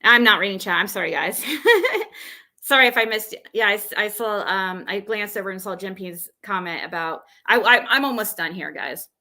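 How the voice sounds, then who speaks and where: Bright-voiced woman venting on stream. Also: medium pitch, normal speed. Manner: agitated, recounting an argument with restarts. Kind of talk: venting live stream monologue.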